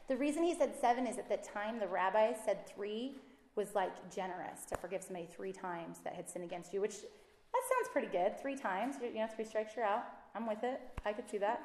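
A woman teaches from the Bible in a relaxed, conversational way, slipping into quick acted voices for the people she quotes. Her voice sits at an ordinary middle pitch. The room around her gives a noticeable echo. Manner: chatty and animated, acts out quotes with rising pitch. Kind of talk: casual devotional teaching.

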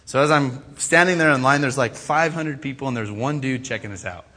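A man delivering an animated sermon, his voice bright and forceful. He tells stories that poke fun at himself and acts out the people he quotes in their own voices. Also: mid-range voice, a little fast. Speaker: pastor. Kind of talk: storytelling sermon.

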